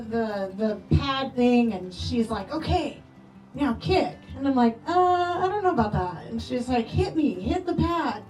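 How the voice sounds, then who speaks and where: A woman telling affectionate, animated stories about a late friend at a memorial, acting out quoted lines. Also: fairly high pitch. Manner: animated storytelling with playful quoted voices. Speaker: memorial speaker. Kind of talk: eulogy storytelling. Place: memorial gathering hall. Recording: roomy echo, distant from mic, soft music.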